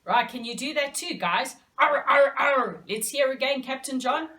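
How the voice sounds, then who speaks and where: A woman's voice: high voice, expressive, moderate pace, fairly bright tone. A woman teaching young children, speaking to them directly in a sing-song way.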